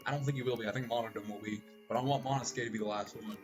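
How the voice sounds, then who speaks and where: A man's voice: on the low side, steady tone, racing. A man streaming a video game, chatting casually, joking and reading lines aloud. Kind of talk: casual let's-play commentary. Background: game music.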